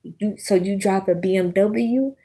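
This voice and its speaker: A woman's voice: medium pitch, measured pace, dark tone. A woman in her thirties ranting bluntly on a livestream, profane and preachy, talking straight to her viewers. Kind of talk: casual livestream rant.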